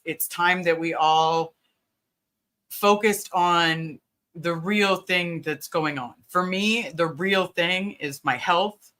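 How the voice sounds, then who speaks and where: A woman's voice: on the low side, sharp tone. A woman hosting a casual livestream, earnestly greeting viewers by name and reassuring them. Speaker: livestream host.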